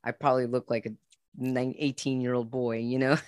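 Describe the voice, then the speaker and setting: A man's voice: medium pitch, steady tone, normal speed, no room sound, studio quality. A man as a podcast guest, telling his own life story in an earnest, openly emotional way. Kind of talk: heartfelt personal storytelling.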